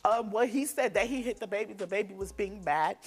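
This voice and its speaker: A woman's voice: mid-range voice, brisk, husky. A young woman, a guest on a talk show, giving an earnest, detailed and emphatic account of events. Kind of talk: personal testimony.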